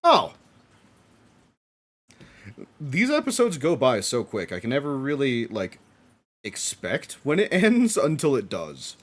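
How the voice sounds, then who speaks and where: Excitable man reacting on stream. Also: medium pitch, slow pace, long pauses. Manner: excitable, laughs often, swears casually. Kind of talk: live watch-along reaction commentary.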